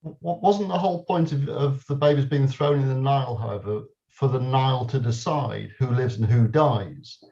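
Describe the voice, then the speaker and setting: A man's voice: mid-range voice, normal speed, hardly any pauses, dark tone. A man in a study class reasoning aloud as he puts a question to the teacher. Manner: questioning, reasoning a point through. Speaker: class participant. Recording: dull lo-fi pickup.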